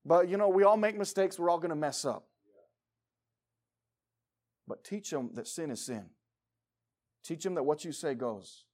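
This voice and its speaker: A man preaching a sermon as pastor, emphatic, swinging between loud urging and quiet pleading. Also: on the high side, measured pace, long pauses.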